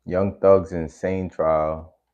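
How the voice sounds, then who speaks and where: A man's voice: deep voice, flat delivery, slow pace, a little mellow. A man chatting casually on a stream while reacting to videos, laid-back and rambling, using lots of slang. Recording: slightly dull lo-fi audio.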